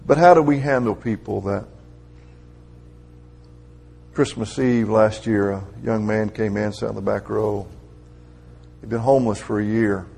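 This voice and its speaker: Gravelly-voiced man preaching a sermon. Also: on the low side, fairly even intonation, a little slow, long pauses, a little mellow. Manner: conversational preaching that rises to emphatic peaks.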